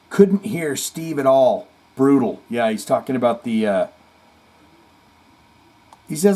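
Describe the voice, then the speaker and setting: A man's voice: mid-range voice, a little slow, warm tone. A man hosting a casual heavy metal chat stream, reading viewer comments aloud with jokey asides. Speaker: host.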